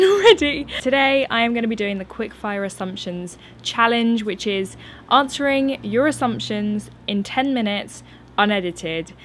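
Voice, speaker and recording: A woman's voice: on the high side, fairly bright tone, a little hiss or hum. Chatty woman vlogging outdoors. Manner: chatty, laughs often, nervous energy. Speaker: YouTuber answering viewer questions. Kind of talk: casual unscripted chat. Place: outdoors in her garden.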